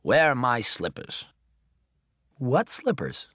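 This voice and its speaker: A man reading as a gruff, teasing old grandfather. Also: mid-range voice, huge pitch swings, slow pace, dry recording, studio quality, pitched above the performer's own voice, full character voice. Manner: gruff, chuckling, gently mocking. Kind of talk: audiobook reading.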